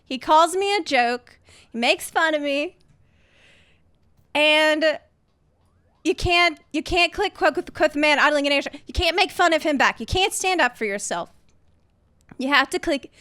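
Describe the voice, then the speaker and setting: A woman's voice: sits high, animated, normal speed, pushed and bright, dry recording, clean studio sound. A young woman hosting a gaming video, ranting with sarcastic, indignant, theatrical outrage. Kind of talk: ranting game commentary.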